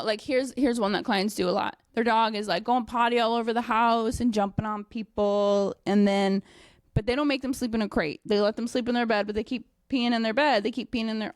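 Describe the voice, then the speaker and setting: A young woman dog trainer talks casually about how she teaches her clients, with a voice that sits a little high. She is blunt and animated and swears freely. The recording is dry and close, with no room sound. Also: fairly quick, no room sound.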